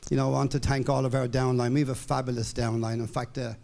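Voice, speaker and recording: An older man from Ireland in his seventies addresses a room in a steady middle-pitched voice. His speech is upbeat and rambling, with many fillers and restarts, as he thanks his audience and colleagues. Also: fast, vocal fry. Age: 70s. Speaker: company distributor giving a speech. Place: hall with an audience.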